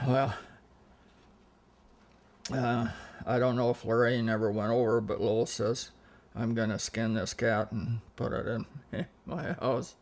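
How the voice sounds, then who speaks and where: The older man's mid-range voice is creaky with a darkish tone as he rambles through family anecdotes in a laid-back interview, restarting sentences and quoting other people along the way.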